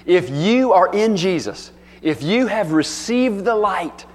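A man with a high voice preaches a sermon, drifting into folksy stories and acting out little bits of dialogue. His words ring out with a long trailing reverb from a large hall. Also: expressive, slow pace. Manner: folksy storytelling with playful acted-out dialogue. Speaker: pastor.

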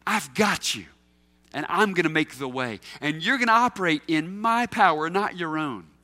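A man preaching a sermon voices Jesus as a gentle, reassuring man. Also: a little high, lively intonation, normal speed. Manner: tender, reassuring.

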